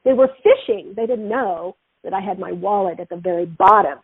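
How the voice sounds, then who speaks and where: Heard over a narrow, phone-like line with a dry, close sound, a middle-aged radio host tells stories on her spiritual talk show. She's animated, voicing the people she quotes, and speaks at normal speed. Her voice is slightly high and breathy.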